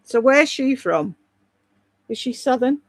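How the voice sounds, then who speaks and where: A woman's voice: high voice, animated, slow pace, no echo. Chatty British woman, dry close mic. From Britain. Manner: chatty, rambling, reads viewer comments aloud. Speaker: live streamer and voice-over artist. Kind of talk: casual live-stream chat.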